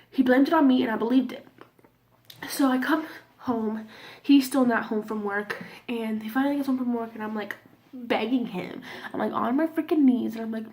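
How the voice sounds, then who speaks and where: Talking to the camera in a relaxed, open way, the twenty-something vlogger shares a personal story, swears freely, and occasionally goes almost to a whisper. Her voice sits a little high, with a darkish tone and a moderate pace.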